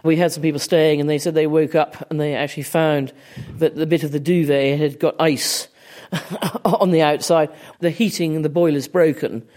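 A woman's voice: low-pitched, steady tone, normal speed, few pauses, darkish tone. A woman who owns an old manor house, chatting cheerfully in an interview and laughing as she talks. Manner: cheerful, laughs while talking. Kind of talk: casual interview chat.

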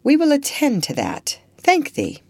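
A woman voicing a kind old Quaker lady who speaks slowly and calmly. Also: sits high, gravelly, dry recording, voice pushed up, heavily acted. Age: over 60. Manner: slow, gentle, unruffled.

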